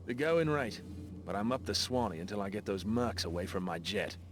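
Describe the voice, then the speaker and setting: An actor playing a brash, boastful pilot and smuggler with an Australian accent, slangy and wheedling. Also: male voice, fairly low pitch, expressive, a little fast, noisy background, lightly acted. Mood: scheming.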